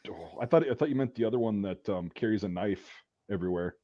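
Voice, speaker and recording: A man's voice: on the low side, fast talker, lo-fi sound. A man hosting a podcast, chatting casually and telling stories with lots of swearing. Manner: animated, swears often, acts out what people said. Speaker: podcast host. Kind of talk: casual chat.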